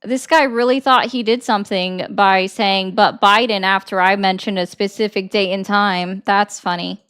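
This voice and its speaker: A woman's voice: mid-range voice, steady tone, moderate pace, hardly any pauses, a bit bright, clear, resonant tone. A woman hosting a political call-in livestream, sarcastic and pointed, pressing callers with repeated questions. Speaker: livestream host taking calls.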